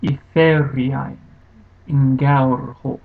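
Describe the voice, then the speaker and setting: A man reading out example words one at a time, slowly and deliberately, for a language lesson. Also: mid-range voice, fairly even intonation, creaky. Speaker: guest reader of example words. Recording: tinny phone-like recording.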